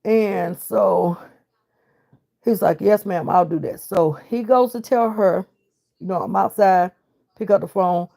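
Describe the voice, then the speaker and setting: A woman's voice: mid-range voice, slow pace, vocal fry, long pauses, warm tone. A middle-aged woman, telling her own story of loss with emotion and reenacted dialogue. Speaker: grieving mother. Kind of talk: personal storytelling.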